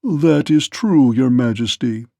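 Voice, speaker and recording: A man's voice: medium pitch, lively intonation, slow pace, vocal fry, dark tone, no room sound, full character voice. Man voicing a storybook gnome servant, loyal, proud, earnest, deferential, slightly raised voice, dry sound. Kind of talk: storybook read-aloud.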